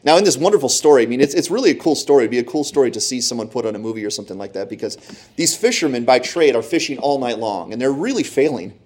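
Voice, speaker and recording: A man's voice: medium pitch, expressive, fast, a little mellow, slightly rough. A man preaching a sermon, retelling Bible stories with dramatic, acted-out voices. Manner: dramatic storytelling, acts out Bible characters.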